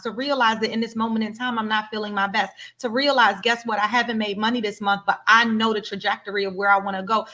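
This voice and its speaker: A woman's voice: fairly high pitch, pushed and bright. A woman hosting a live coaching session, speaking emphatically and repeating phrases for effect. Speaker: life coach and host. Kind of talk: motivational live talk to an audience.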